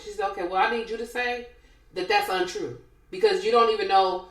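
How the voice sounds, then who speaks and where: Her voice is on the high side and a little fast as she dishes reality show gossip with her podcast co-host, playing out each person's quotes like a lively storyteller. Sound is roomy and the audio is poor.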